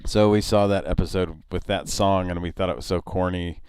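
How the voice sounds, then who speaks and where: A man hosting a casual chat show, rambling and halting with frequent laughs, his voice a little nasal. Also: deep voice, fairly even intonation, darkish tone, smooth, no echo, studio quality. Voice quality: nasal tonight. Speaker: show host. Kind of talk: casual radio-style chat.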